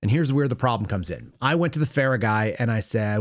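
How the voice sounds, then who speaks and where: A man's voice: on the low side, animated, fast, few pauses, dry recording, clean studio sound. A man hosting a political podcast, telling stories in a conversational way and often restarting his sentences as he goes. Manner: conversational storytelling with quoted dialogue and restarts. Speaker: podcast host. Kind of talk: casual political commentary.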